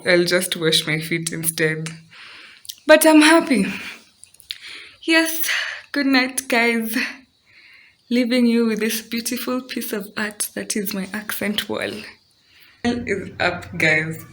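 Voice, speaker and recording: Slow-talking chatty woman vlogging at home. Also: mid-range voice. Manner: chatty and excitable, laughing at her own mess. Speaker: DIY vlogger. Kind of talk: casual home vlog. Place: indoor room at home. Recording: roomy home audio with faint background.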